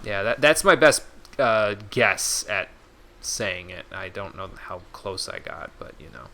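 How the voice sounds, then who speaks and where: A man's voice: on the low side, expressive, a little slow, pushed and bright, slight background noise. A man streaming a video game, reading menu text aloud and chatting casually with his viewers. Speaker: gaming streamer. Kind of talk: casual let's-play commentary.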